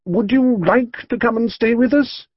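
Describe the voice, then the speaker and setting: A man's voice: very high-pitched, unhurried, dry recording, voice pushed up. A man voicing a cautious middle-aged father in an audiobook, hesitant and fussy. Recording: dull, dry studio audiobook read.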